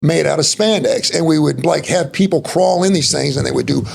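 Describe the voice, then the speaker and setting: A man's voice: on the high side, fairly quick, creaky, darkish tone, breathy edge. A middle-aged man from Texas with a Texas accent, telling stories in a rambling, folksy way as an interview guest. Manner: rambling, folksy, full of "you know" and "like". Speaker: podcast guest. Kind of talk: casual interview storytelling.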